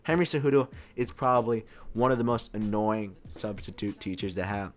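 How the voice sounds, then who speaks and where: A man's voice: lowish voice, moderate pace, soft background music. A man in his twenties giving comedic, casual commentary and constantly saying dude. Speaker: video host. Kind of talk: comedic tier-list commentary.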